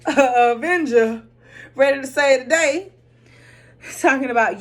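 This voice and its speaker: A woman hosting a casual recap of a TV drama episode, animated and blunt, swearing freely and laughing often as she retells the scenes. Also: high voice, a little slow.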